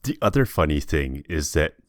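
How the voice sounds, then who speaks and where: A man co-hosting a gaming podcast, chatting in an unhurried, halting way. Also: a bass voice, very animated, no echo. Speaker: podcast co-host. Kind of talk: casual chat.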